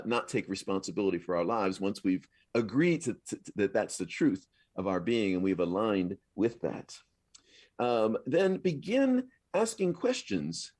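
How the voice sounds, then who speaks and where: A minister preaches a sermon at a live service in a spiritual center, speaking conversationally and affirmingly and repeating his points. His voice is medium-pitched with a darkish tone, and there's no echo.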